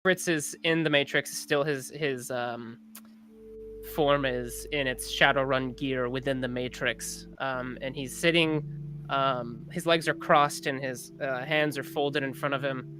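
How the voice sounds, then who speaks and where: A player slowly narrating their character's scene in a tabletop role-play game, halting and full of fillers. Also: medium pitch, fairly even intonation, background noise.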